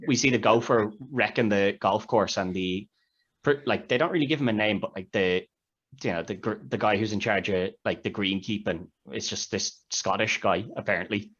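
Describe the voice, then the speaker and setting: The speaker is a male podcast co-host having a casual chat about a film and rambling through its scenes. He talks at a normal pace in a fairly bright voice on the low side, and the audio is dull and lo-fi.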